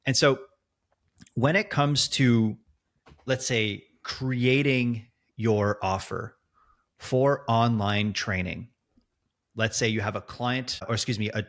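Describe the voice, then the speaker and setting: A male podcast host with a mid-range voice who talks loosely and at length. He laughs easily and often restarts his sentences, keeping the tone relaxed and conversational. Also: medium pitch. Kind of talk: casual podcast chat.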